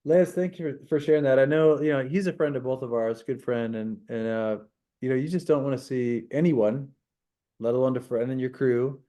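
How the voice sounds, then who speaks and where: A man's voice: medium pitch, fairly even intonation, moderate pace, dark tone. A man hosting a safety talk over a video call, thanking a guest in an easygoing, slightly rambling way. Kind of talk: casual moderating.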